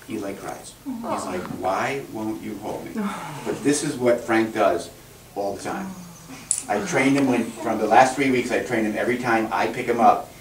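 A man with a fairly low voice patiently walks a class through a hands-on demonstration as a veterinarian. He sounds distant from the camera, in an echoey room with noticeable background noise. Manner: patient, encouraging instructions. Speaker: veterinarian teaching children.

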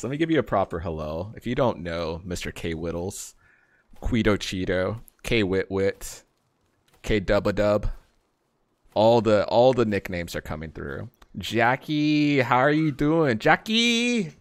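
A young man talks through a game stream in a relaxed, rambling way, reading out and greeting viewers by name. His voice sits low with a noticeable gravelly fry. He drifts from topic to topic in casual, unscripted chat. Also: moderate pace.

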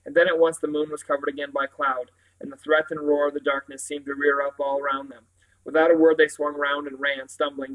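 Man, reading a novel aloud, flat even delivery, slightly high voice, self-corrects. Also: poor audio. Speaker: reader.

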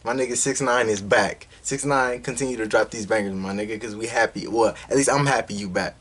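A man reacting to a music video in a casual vlog, loud and excitable, full of street slang and swearing. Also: lowish voice, fairly quick, slightly rough.

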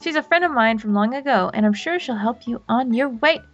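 Woman reading as a game professor, fairly high voice, dull lo-fi sound. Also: animated, fairly quick, soft background music, lightly acted. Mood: encouraging. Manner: reading game dialogue aloud, with a swear slipped in. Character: female professor sending off a new trainer. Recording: dull lo-fi recording.

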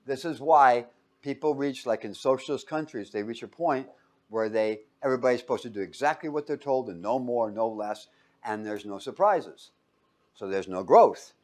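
An animated male teacher lecturing a live class, his pitch swinging widely as he talks. He keeps tossing fill-in-the-blank questions at the room and acts out quotes in playful voices. His voice sits at an ordinary middle pitch. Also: moderate pace.

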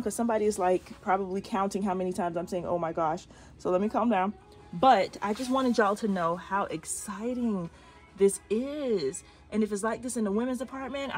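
A woman filming a shopping vlog inside a large store on a handheld phone, gushing and exclaiming over bargains. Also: medium pitch. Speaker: couponing vlogger.

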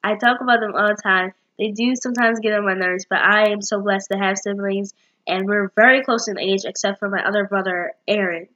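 A bubbly young woman talks casually to her camera, rambling warmly with plenty of fillers. Her voice sits at an ordinary middle pitch, and the home recording sounds a little dull and lo-fi. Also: steady tone, brisk. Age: young adult. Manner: chatty, bubbly, many fillers. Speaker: vlogger.

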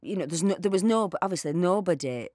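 A woman's voice: on the low side, fast, no echo, studio quality. A woman, an actor chatting as a podcast guest and acting out the voices in her stories. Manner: animated storyteller, acts out quoted voices. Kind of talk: casual interview chat.

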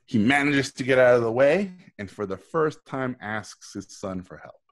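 A man speaking as a guest on a video call, telling a story with animated delivery and acting out the lines of his characters. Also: mid-range voice, normal speed. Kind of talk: storytelling talk.

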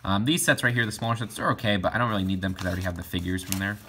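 A man's voice: sits low, steady tone, racing, pushed and bright, slight background noise. A young man casually reviewing toy catalogs in a rambling way, with lots of fillers and restarts. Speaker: toy collector vlogger.

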